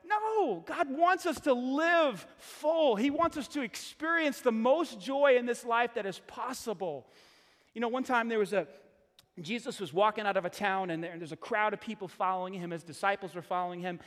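Middle-aged male pastor with a high voice, conversational and emphatic sermon delivery, long hall echo. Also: normal speed, fairly bright tone. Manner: conversational, emphatic preaching with repeated phrases.

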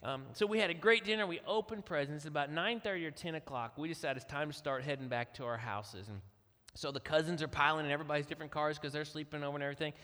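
A middle-aged man telling a family story from the pulpit as a guest speaker, acting out the quotes in an animated way. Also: a little high, fast talker. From Kentucky. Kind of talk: storytelling sermon. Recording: long hall reverb.

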